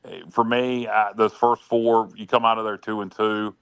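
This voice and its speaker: A man's voice: lowish voice, flat delivery, moderate pace, fairly bright tone, clean tone, dry recording. A man co-hosting a casual sports talk show, giving frank opinions with many hedges and restarted sentences. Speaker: podcast co-host and analyst.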